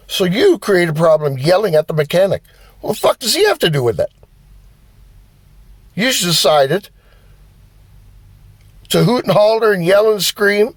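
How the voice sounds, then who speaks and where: Man, fairly high voice, blunt profane motivational rant, swearing. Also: normal speed, pauses often, no echo. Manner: blunt, heavy swearing, animated. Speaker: vlogger and driver.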